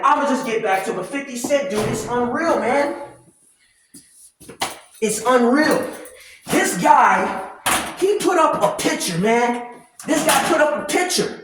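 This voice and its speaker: A man giving a loud, profane, heated rant as commentary while he works out, talking from a distance with no clip-on mic. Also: high-pitched, a little hiss or hum. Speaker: commentary vlogger. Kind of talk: ranting commentary while working out. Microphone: no clip-on mic, distant from the recorder. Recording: echoey room, far from the mic.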